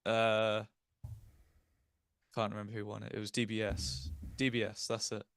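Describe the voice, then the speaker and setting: Low, flat-voiced man, hesitant. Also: normal speed, a little hiss or hum. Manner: hesitant, many fillers, self-conscious. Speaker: livestream guest. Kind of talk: casual livestream chat.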